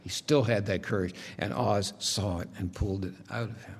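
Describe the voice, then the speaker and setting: Lowish husky guy preaching, chatty and thoughtful, long hall echo. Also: steady tone, normal speed. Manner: conversational, reflective storytelling with soft asides. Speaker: pastor. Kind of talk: sermon. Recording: long reverb of a large hall.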